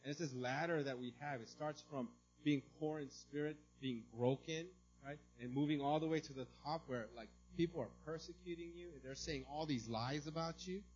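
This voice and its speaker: A man preaching a sermon as a pastor, in a conversational way, often checking in with "right?" and now and then breaking into loud mimicry. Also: fairly high pitch, moderate pace, few pauses, slightly rough, highs cut off.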